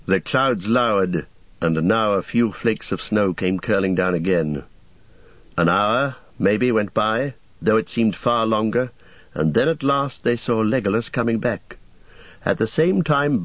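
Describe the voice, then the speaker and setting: Man, audiobook narrator, measured storytelling, dry sound, slightly dull recording. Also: on the low side, dry recording. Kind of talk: scripted narration.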